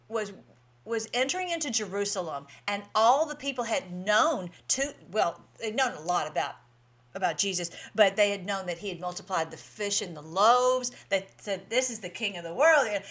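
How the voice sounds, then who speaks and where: Lady rambling through her commentary, kinda high voice, lots of restarts. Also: a bit bright. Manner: chatty, rambling, restarts often. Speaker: video commentary host. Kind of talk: casual commentary.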